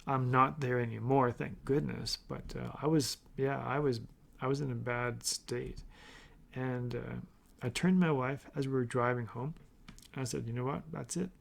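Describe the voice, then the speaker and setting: A man's voice: mid-range voice, fairly even intonation, moderate pace, vocal fry. A middle-aged man hosting a casual motivational podcast, talking earnestly and rambling with restarts. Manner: earnest, rambling with restarts, acts out his inner voice. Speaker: podcast host.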